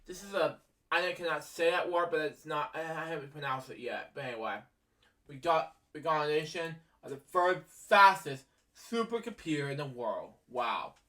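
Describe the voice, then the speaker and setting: A young man reading facts aloud in a halting way, stumbling over words, full of ums and apologies for misspeaking, recorded from a distance. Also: a little high, bright, forceful tone. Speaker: amateur video maker reading facts aloud. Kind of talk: halting read-aloud narration. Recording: voice from a distance from the mic.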